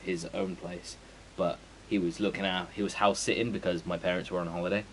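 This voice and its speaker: Rambling, sweary man, low voice. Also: level tone, brisk, a little hiss or hum, rough recording. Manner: rambling, sweary, full of fillers. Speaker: game streamer. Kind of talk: casual chat before a stream.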